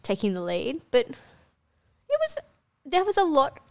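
A woman's voice: high voice, wildly swooping pitch, slow. Aussie woman on a podcast, chatty, giggly, lots of likes and ums. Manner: candid, giggly, trails off with fillers. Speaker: podcast co-host. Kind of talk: casual chat.

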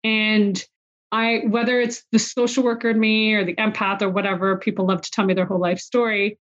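A woman's voice: medium pitch, level tone, a little fast. A woman hosting a casual conversation, telling personal stories in a heartfelt way. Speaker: host. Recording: slightly dull lo-fi audio.

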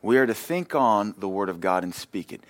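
A man preaching a sermon with impassioned, storytelling delivery that swells louder and higher. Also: expressive, normal speed, no room sound. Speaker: pastor.

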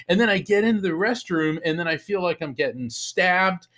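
A man, a psychic medium and author, telling an animated story as an interview guest and acting out the lines of the people in it. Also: high-pitched, fast talker, hardly any pauses. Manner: animated storyteller, acts out quotes in raised voice.

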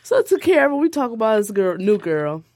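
Lively blunt woman telling a story. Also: on the high side, fast talker, dry recording, studio quality. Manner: animated, blunt, swears freely. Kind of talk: casual chat, storytelling.

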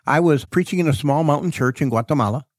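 A man who preaches, telling a story in a casual interview and acting out the dialogue with lively rises in his voice. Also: fairly high pitch, fast talker, no echo. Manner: animated storyteller, acts out quoted dialogue. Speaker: preacher and author guest.

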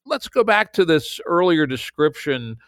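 A man hosting a podcast, asking his guest questions in a gentle, careful way. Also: a little high, big pitch swings, a little slow, no room sound. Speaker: podcast host. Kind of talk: interviewing a guest.

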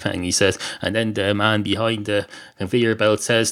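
An Irish man hosting a podcast, telling a long comic story in a meandering, self-interrupting way with deadpan asides. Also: fairly low pitch, normal speed. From Ireland. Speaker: podcast host. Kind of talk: rambling comic monologue.

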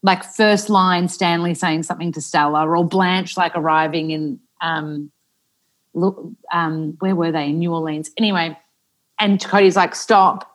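A woman's voice: fairly low pitch, steady tone, measured pace. A woman in her thirties with an Australian accent, a podcast guest telling stories in casual chat, acting out what others said and using lots of "like". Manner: chatty storyteller, acts out quotes, many "like" fillers.

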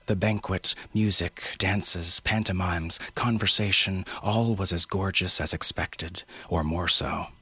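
Male story narrator, very husky, forceful delivery. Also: sits low, steady tone, no echo. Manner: measured storytelling. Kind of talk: scripted narration.

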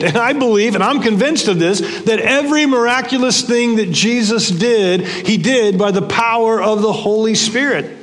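A man's voice: sits high, a bit bright, in a large hall. An older man preaching a conversational sermon to his church, repeating phrases for emphasis. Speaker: pastor. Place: church sanctuary.

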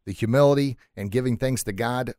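A man hosting a podcast interview in a small sound room, excitable and quick to laugh, often stumbling over his words. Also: medium pitch, dry recording, clean studio sound. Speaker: podcast host. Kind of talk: casual chat.

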